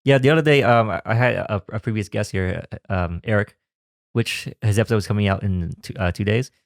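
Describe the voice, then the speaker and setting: A man's voice: fairly low pitch, fairly quick, gravelly, dry recording, clean studio sound. A man hosting a podcast, asking curious questions with lots of hesitations. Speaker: podcast host. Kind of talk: interview questions.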